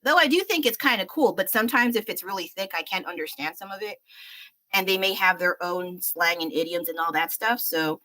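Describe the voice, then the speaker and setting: Brisk and bright, this young American woman speaks in a lowish, forceful voice. She livestreams as she paints, rambling along with self-deprecating remarks, fillers and laughter.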